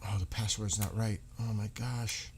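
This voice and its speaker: A man's voice: fairly low pitch, fairly even intonation, normal speed, background noise. A man reacting to news on a live stream, exclaiming in disbelief and swearing now and then.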